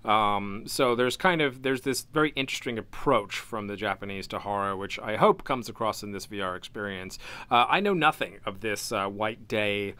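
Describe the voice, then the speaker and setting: Low-voiced man rambling about games. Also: normal speed, pushed and bright, clean tone, no echo. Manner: rambling, many fillers and restarts. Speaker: podcast co-host. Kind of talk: casual gaming news chat. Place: home basement studio.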